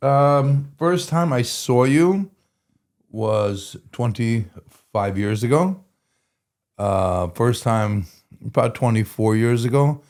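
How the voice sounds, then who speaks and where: A man's voice: medium pitch, expressive, takes it slowly, a little mellow. A man in his forties, a guest recounting his past in a casual, candid way, with slang and frequent restarts. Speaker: guest in recovery. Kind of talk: casual conversational storytelling.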